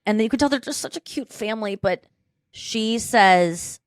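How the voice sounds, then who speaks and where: A woman's voice: fairly high pitch, expressive, moderate pace, no echo, studio quality. A woman hosting a podcast, chatting casually and retelling a story in a rambling way, with plenty of restarts. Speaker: podcast host. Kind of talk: casual chat.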